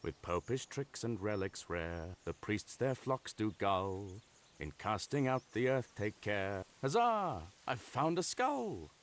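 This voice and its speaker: Rollicking tavern singer. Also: male voice, on the low side, very animated, slow pace, full character voice.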